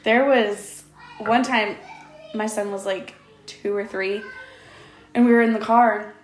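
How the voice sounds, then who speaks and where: A woman's voice: mid-range voice, fairly even intonation, takes it slowly, a little hiss or hum. A woman in her thirties hosting a casual podcast interview, telling stories with a laugh and lots of fillers. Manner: chatty, laughing storyteller with many fillers. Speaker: podcast host. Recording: echoey room.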